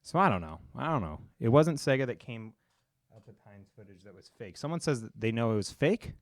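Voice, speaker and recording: A man's voice: mid-range voice, very animated, brisk, dry recording. A man co-hosts a casual gaming podcast and jokes around freely. He reads news quotes aloud in a put-on newsreader manner, with a voice that rises and falls a great deal. The sound is dry and close. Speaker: podcast co-host.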